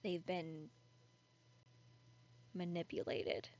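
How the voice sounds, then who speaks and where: A woman's voice: fairly low pitch, extremely slow, vocal fry, darkish tone, exaggerated voice, poor audio. A woman doing a nervous college guy. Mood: shaken. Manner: hesitant, shaken. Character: nervous young man, college student home on break.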